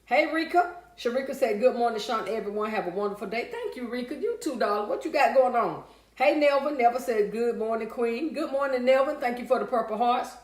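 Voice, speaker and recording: A woman's voice: fairly high pitch, brisk. A woman hosting a casual livestream, chatting with viewers and reading out their comments in a folksy way. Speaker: livestream host. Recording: echoey room.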